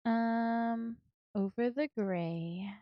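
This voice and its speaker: A woman's voice: a little high, drawn-out words, no echo, muffled recording. A woman streamer chatting casually and giggling while she builds, swearing now and then and filling her talk with fillers.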